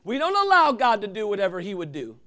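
A male pastor preaching a sermon, swinging from loud calls to hushed, intimate asides. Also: sits high, wildly swooping pitch, fast.

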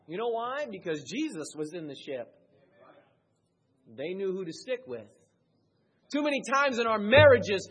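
A man preaching a sermon as pastor, swinging between loud raised peaks and quiet low passages, with a husky voice. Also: very animated, normal speed, long pauses.

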